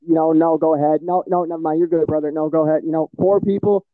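A man's voice: on the high side, fairly even intonation, quick pace, no room sound, phone-quality sound. A man from Michigan with a Midwestern American accent, hosting a podcast in casual, profane, rambling chat full of fillers. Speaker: podcast host.

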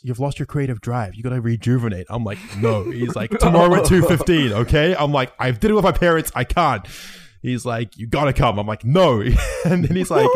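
A man's voice: medium pitch, darkish tone, no echo. A young man hosts a loose podcast among friends, swearing freely and laughing through his stories. The recording is dry and close, with no room sound. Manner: swears a lot, laughs while telling stories. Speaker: podcast host. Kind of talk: casual podcast chat with friends.

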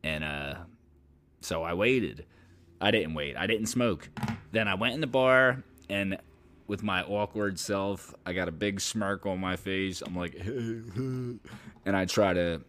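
A man's voice: deep voice, slow pace, fairly bright tone, slight background noise. A man hosting a podcast, telling a story casually, rambling and swearing with lots of filler. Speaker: podcast host.

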